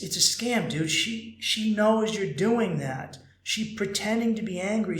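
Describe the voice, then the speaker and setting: A man's voice: sits high, a bit bright, reverberant. A man hosting a podcast in a casual monologue, telling stories animatedly, swearing freely and acting out the people he quotes. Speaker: podcast host.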